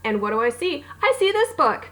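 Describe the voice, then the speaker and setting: A young adult woman, an author and book vlogger, chats casually about her favorite books in a recommendation vlog, bubbly and gushing as she acts out her own reactions. Her voice is high-pitched, very animated, a little fast and fairly bright, though the recording quality is low.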